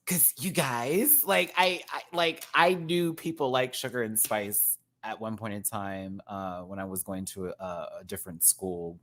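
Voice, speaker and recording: A man's voice: fairly low pitch, a little slow, hardly any pauses, fairly bright tone. A man hosting a casual rant review, talking in a rambling, giggly way with lots of fillers. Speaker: show reviewer and host.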